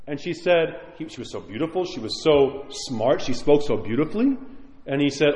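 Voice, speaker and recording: A man preaching an animated storytelling sermon, repeating phrases for emphasis. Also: fairly high pitch, a little fast. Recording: echoey hall with long reverb.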